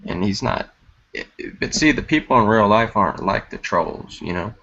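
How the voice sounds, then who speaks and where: A man's voice: lowish voice, lively intonation, moderate pace, gravelly, pushed and bright. A man in casual chat, laughing often. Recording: dull lo-fi sound with faint noise.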